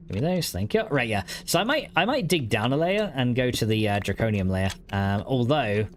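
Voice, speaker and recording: This medium-pitched man sounds animated and a little fast as he plays a modded block-building game on stream. He rambles casually, says "like" a lot and laughs often, with a little hiss or hum in the recording.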